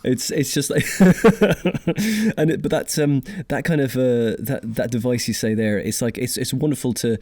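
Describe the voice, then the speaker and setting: A man's voice: mid-range voice, moderate pace, a little mellow, no room sound. A man hosting a podcast, chatting casually in an enthusiastic, rambling way. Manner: rambling, enthusiastic, full of fillers. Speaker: podcast host.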